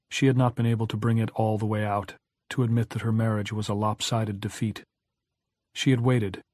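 Male audiobook narrator, measured reading, low-ish voice, dry close recording. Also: darkish tone, no echo. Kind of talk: scripted narration.

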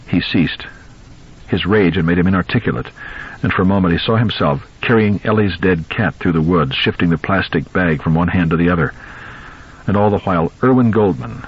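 A man narrating an audiobook in an expressive, measured reading. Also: low-pitched, breathy edge, lo-fi sound. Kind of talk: scripted narration.

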